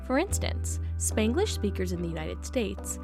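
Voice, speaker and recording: A woman narrating a podcast from a script in an even, read-aloud manner. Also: medium pitch, normal speed, music in the background.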